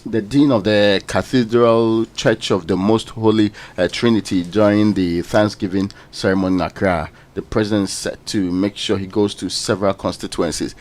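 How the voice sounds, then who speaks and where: A man's voice: lowish voice, darkish tone. A man with a Ghanaian English accent hosting a morning radio show, reading headlines and commenting in a conversational way. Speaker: radio host. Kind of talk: news review and political talk.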